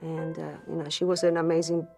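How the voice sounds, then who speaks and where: Woman, earnest, halting, telling a ghost story, music under voice. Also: sits low, little pitch movement, vocal fry. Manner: earnest, searching for words, repeats phrases. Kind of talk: emotional personal storytelling to camera. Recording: voice over music score.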